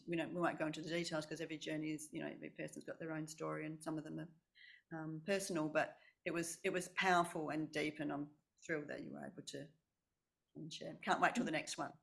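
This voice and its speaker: A middle-aged woman, a retreat facilitator, chatting casually and warmly thanking a guest, her sentences trailing off softly. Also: low-pitched, gravelly. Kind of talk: casual chat.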